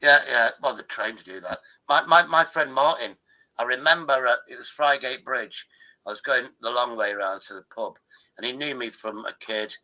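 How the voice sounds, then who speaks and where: Brief: older man in his sixties, sharp bright tone, rambling and sweary, livestream host on a call. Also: medium pitch, moderate pace, rough recording. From Derbyshire, England. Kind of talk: casual chat.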